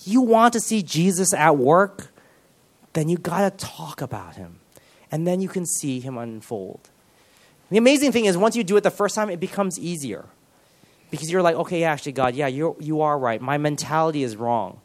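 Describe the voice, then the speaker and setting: A man preaches with earnest, animated energy, his voice sitting a little higher than most men's. He speeds up in eager bursts and stumbles over restarts as he pushes his point. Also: moderate pace. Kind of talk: sermon.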